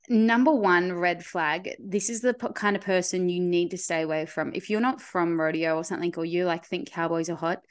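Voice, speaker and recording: Young aussie woman reading listener stories on a podcast, kinda low voice, laughs a lot. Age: young adult. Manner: laughs often, swears casually. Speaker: podcast co-host.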